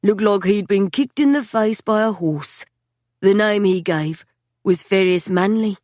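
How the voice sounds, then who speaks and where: A woman voicing a gruff, blunt male police officer in an audiobook. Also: medium pitch, a little slow, darkish tone, no echo, studio quality, close to an everyday voice.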